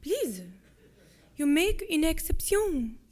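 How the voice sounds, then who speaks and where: A woman voicing a gentle young male soldier with a thick French accent and halting English. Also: extremely high pitch, sing-song, pitched above the performer's own voice, heavily acted. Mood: gentle, pleading. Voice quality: soft, gentle.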